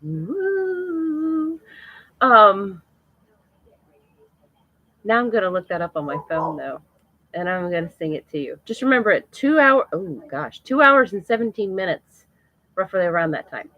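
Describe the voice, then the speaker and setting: A woman's voice: mid-range voice, animated, moderate pace, pauses often, no room sound, lo-fi sound. A middle-aged woman chatting casually and emotionally on a live stream to her viewers, laughing often.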